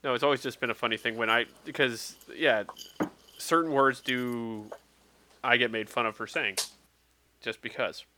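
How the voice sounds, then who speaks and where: A man's voice: medium pitch, fairly even intonation, moderate pace, long pauses, sharp tone, a little hiss or hum. A man chatting casually in an easygoing, wry way. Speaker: former teacher, guest. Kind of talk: casual chat.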